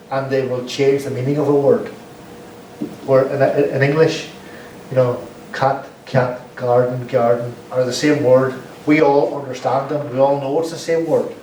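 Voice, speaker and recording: A man's voice: medium pitch, darkish tone. Man lecturing in an echoey room. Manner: explanatory, repeats words to demonstrate sounds. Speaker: guest lecturer. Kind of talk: public lecture to an audience. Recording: roomy echo, distant mic, faint hiss.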